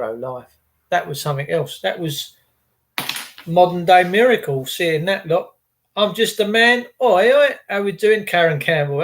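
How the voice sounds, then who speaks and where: A man hosts a casual livestream and rambles on in a loose, chatty way. He greets viewers by name as he talks. His voice sits high for a man. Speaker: livestream host. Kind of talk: casual live chat with viewers.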